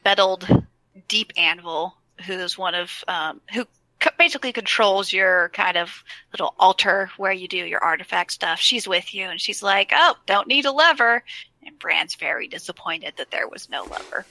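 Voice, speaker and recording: A woman's voice: lowish voice, steady tone, moderate pace, bright, forceful tone, no room sound, low-quality recording. A woman co-hosting a casual gaming chat, recapping a quest with enthusiastic storytelling.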